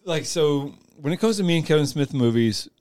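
A man's voice: a little high, animated, fairly quick, darkish tone, no room sound. Rambling casual man, dry close sound. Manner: rambling, filler-heavy, often acts out imagined dialogue. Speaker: podcast co-host. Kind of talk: casual chat.

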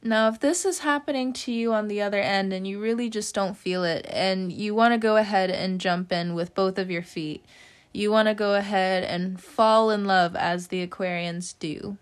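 A woman's voice: mid-range voice, normal speed, smooth. A woman giving a casual tarot reading, chatty, with many "you know" fillers, frequent little laughs and casual swearing. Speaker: tarot reader.

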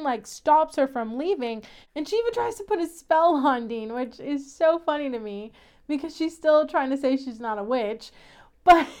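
A woman's voice: high voice, darkish tone. A young woman hosting a casual, chatty recap of a TV episode, laughing often as she talks. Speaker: podcast host.

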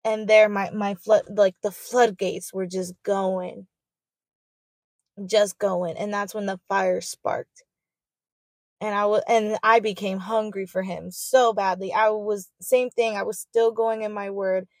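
A young woman gives a personal testimony in a heartfelt, emotional voice, often circling back to repeat a phrase. Her voice sits at a middle pitch. The recording is dry and close. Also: little pitch movement, slow, no echo.

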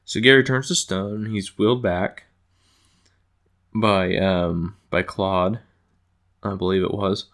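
Man, casual episode recap, lowish voice, rambling, filler-heavy, amused. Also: fairly even intonation, takes it slowly, long pauses, fairly bright tone. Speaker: show recapper.

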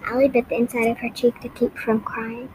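A woman reading a novel aloud with steady, clear storytelling. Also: a little high, fairly quick, a little hiss or hum, low-quality recording. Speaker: audiobook reader.

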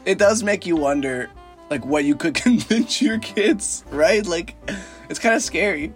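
Brief: male co-host, high and very lively pitch, sarcastic teasing banter, faint music underneath. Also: unhurried. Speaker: podcast co-host. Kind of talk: casual chat.

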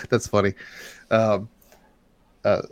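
A man telling a long story in casual chat, rambling and getting loud and animated as it builds. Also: on the low side, no echo. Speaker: podcast host telling a story.

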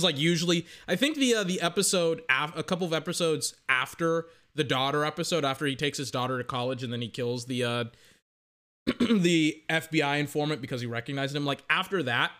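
High, bright-voiced man ranting casually. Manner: rambling, animated, frequent restarts and fillers. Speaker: vlogger reviewing a TV series. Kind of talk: casual rant to camera.

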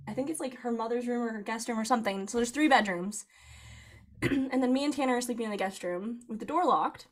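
A young woman telling a long personal story in casual chat, animated, laughing often and filling her speech with "like". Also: on the high side, normal speed. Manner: animated, laughing, frequent "like" fillers.

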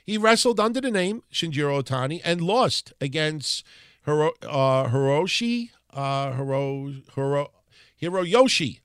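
A man's voice: fairly high pitch, expressive, unhurried, fairly bright tone, clear, resonant tone, no echo. Profane New York man, dry close mic. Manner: conversational, profane, rambling with restarts. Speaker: podcast host. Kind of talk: casual wrestling history talk.

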